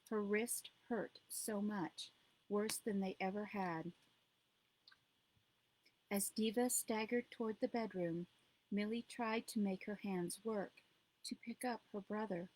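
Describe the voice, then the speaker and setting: A woman reading her own novel aloud as narrator, in a steady, measured storytelling voice. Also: medium pitch, poor audio. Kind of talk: audiobook reading.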